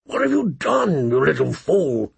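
An anxious older knight, as a man puts him on in an audiobook, strained and pleading and pitched up high. His voice stays husky and gravelly. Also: expressive, a little slow, no room sound, heavily acted. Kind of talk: audiobook reading.

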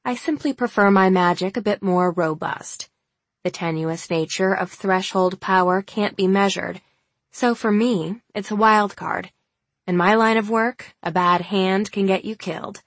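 A woman narrating a first-person novel aloud, in a measured, wry reading voice. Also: mid-range voice, dry recording. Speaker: audiobook narrator.

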